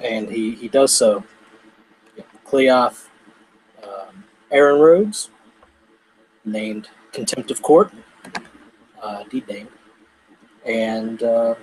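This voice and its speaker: A man's voice: medium pitch, drawn-out words, long pauses, a little mellow, a little hiss or hum, poor audio. A man playing a tabletop game, casually describing what his character does. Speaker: player.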